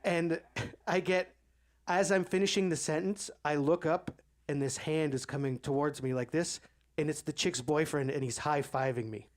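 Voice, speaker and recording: Male podcast co-host, slightly high voice, lively storyteller who swears a lot and acts out quotes. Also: normal speed. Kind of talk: casual storytelling chat.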